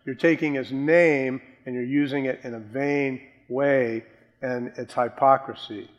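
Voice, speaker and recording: A man preaching a sermon with strong emphasis, rising to loud stresses and dropping to quiet lines. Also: mid-range voice, fairly even intonation, measured pace, muffled recording. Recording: long hall reverb.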